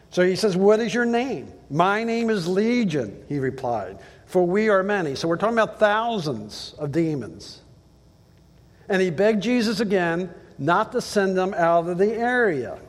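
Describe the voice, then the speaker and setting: Male pastor, slightly high-pitched, storytelling sermon delivery that turns emphatic; long hall echo. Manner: storytelling, acts out dialogue in quotes, rising to emphatic preaching. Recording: long reverb of a large hall.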